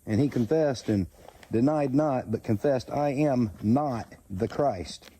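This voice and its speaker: A man slowly reading Bible verses aloud and pausing to comment, stumbling over names and correcting himself. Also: medium pitch, mellow, slightly rough. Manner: slow, halting reading with self-corrections. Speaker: channel host reading scripture.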